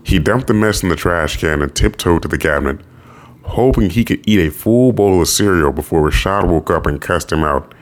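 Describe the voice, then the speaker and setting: A man narrating a novel audiobook in a steady storytelling voice. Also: low voice, moderate pace.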